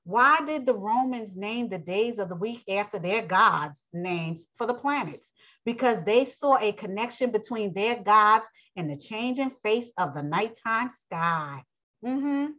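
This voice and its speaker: A woman teaching a religious lesson, reading aloud slowly, stumbling over words and asking and answering her own questions. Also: medium pitch, fairly bright tone. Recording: dull lo-fi audio.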